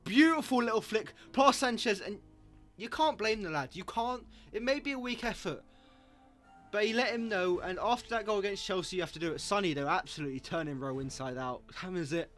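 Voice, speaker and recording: A young man commentates a football video game in a jokey, excitable way. His voice sits high and leaps higher when something surprises him. Faint music plays underneath. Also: brisk. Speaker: gaming YouTuber.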